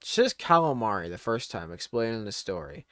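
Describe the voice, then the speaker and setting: A man's voice: lowish voice, sing-song, fairly quick, pushed and bright, dry recording, clean studio sound. A man in his twenties doing a casual comedy monologue, laughing often and swearing.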